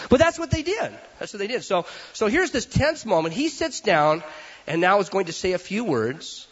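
A male pastor preaching a sermon in a lively, animated way, acting out little voices for laughs. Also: high-pitched, moderate pace, breathy edge, dull audio.

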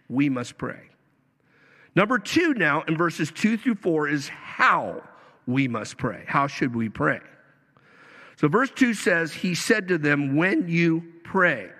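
A pastor delivers an emphatic sermon in a fairly high, bright voice. His pitch and pace swing widely between phrases. His voice rings out with the long reverb of a hall.

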